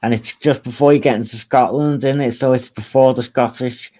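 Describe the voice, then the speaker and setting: A man's voice: medium pitch, fairly even intonation, fairly quick, mellow. A man with a Liverpool accent chatting casually in his living room and laughing often. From Liverpool, England. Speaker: musician and host. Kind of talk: casual chat. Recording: dull dry lo-fi audio.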